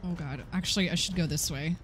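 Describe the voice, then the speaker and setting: A young woman giving excitable, swearing let's-play commentary on a horror game, laughing often and chatting with her viewers. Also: fairly low pitch, fast, slight background noise. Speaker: gaming streamer.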